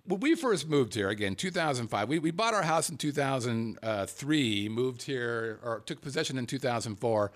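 A man hosting a loose, comedic podcast, trading jokes with his co-host. His pitch swings widely as he talks, and he laughs often. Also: expressive, normal speed, hardly any pauses. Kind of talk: casual comedic podcast banter. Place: Las Vegas.

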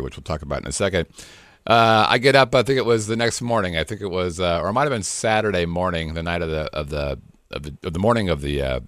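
A middle-aged man co-hosts a podcast in loose, joking chat, wandering off on tangents and dropping into silly voices. His voice sits fairly low and is recorded close and dry. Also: fairly bright tone, no room sound. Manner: rambling, jokey, playful voices. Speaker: podcast co-host. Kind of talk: casual chat.

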